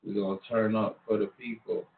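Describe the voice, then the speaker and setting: A man's voice: lowish voice, little pitch movement, fairly quick, vocal fry. A man from Long Island, New York, hosting a casual, slangy street-talk monologue in a laid-back drawl. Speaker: show host. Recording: echoey room over a tinny phone-like line.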